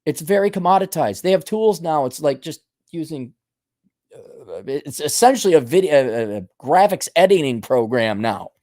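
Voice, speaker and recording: A man's voice: on the high side, expressive, normal speed, warm tone, no room sound, studio quality. A man hosting his own show, ranting bluntly and scolding listeners, mocking their excuses in put-on voices. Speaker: host. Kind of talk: ranting monologue.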